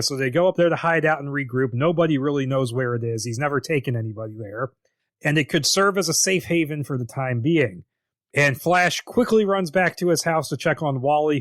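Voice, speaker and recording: A man's voice: a little high, a bit bright, no room sound, clean studio sound. A man co-hosting a podcast in casual chat, wry and laughing easily as he retells scenes, with some swearing. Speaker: podcast co-host.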